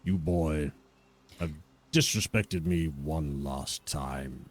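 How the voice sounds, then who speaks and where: A man voicing a pompous, eyeless skeletal knight who speaks slowly and coldly. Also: slightly rough, heavily acted. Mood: menacing. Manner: pompous, slow and low. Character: eyeless skeletal male knight, haughty and cold.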